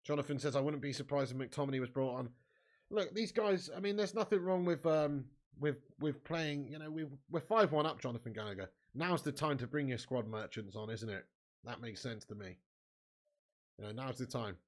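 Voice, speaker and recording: A man with a medium-pitched voice, speaking at normal speed, hosts a live football watch-along, chatting casually with viewers and calling them mate and lad. Every so often he erupts into angry shouting at the match.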